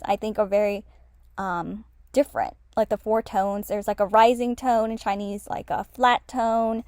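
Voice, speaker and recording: Woman talking thru her study spreadsheet, kinda high voice, dry sound, lots of um and like. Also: no echo. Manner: rambling, many fillers and self-corrections. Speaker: language learner explaining her notes. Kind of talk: casual screen-share lesson.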